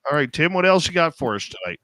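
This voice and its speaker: A man's voice: on the high side, sing-song, fast talker, fairly bright tone, no echo. A man hosting a talk radio show, rambling and sarcastic, firing off rhetorical questions. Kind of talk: casual talk radio banter.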